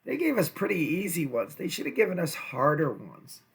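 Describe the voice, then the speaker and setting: A man's voice: a little high, big pitch swings, normal speed. A man teaching a recorded math lesson to second graders, chatty and playful, with jokey asides.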